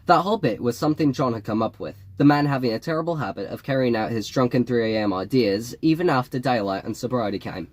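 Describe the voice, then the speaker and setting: A man narrates an audiobook in a wry, measured voice at a mid-range pitch. The recording is dry and close, with no room echo. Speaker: audiobook reader.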